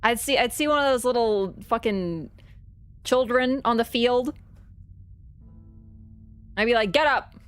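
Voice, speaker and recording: Woman streamer, high-pitched, rambling and swearing through a casual rant, music behind. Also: a little slow, long pauses. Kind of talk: casual live-stream chat.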